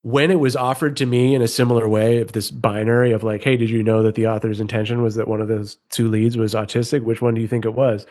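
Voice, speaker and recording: Male podcast guest, mid-pitched, measured and thoughtful casual talk. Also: level tone, a little mellow. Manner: measured, thoughtful, reasons aloud. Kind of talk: casual chat.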